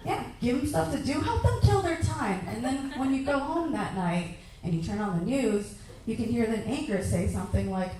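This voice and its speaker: A young woman performing a stand-up comedy set on a club stage, ranting in lively bursts and shouting her acted-out asides. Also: sits high, normal speed, recorded from a distance, noisy background. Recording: echoey club room heard from afar.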